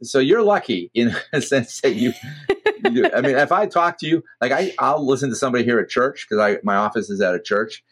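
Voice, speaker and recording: A man's voice: medium pitch, animated, fairly quick, a bit bright, husky. A middle-aged man with a Boston accent, hosting a podcast and telling rambling stories with many restarts. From Massachusetts. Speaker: podcast host. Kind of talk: casual chat.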